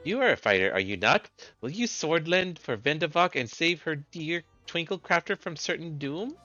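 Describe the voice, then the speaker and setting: A man's voice: on the high side, lively intonation, moderate pace, bright, forceful tone, muffled recording, faint music behind, pitched above the performer's own voice. A man voicing a small, frantic female beast-tribe creature who pleads urgently in broken grammar. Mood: frantic pleading. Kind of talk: voicing game dialogue.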